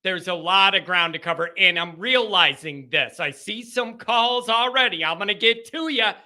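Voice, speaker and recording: A man hosting a call-in sports radio show, talking in an energetic and animated way. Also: high voice, moderate pace. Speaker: sports talk show host.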